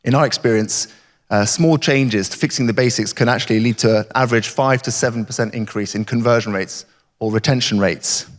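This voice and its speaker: A man's voice: medium pitch, brisk. A man giving an emphatic, rhetorical conference talk. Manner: emphatic, rhetorical, repeats catchphrases. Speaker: conference speaker. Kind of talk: keynote talk. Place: conference hall. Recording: reverberant hall.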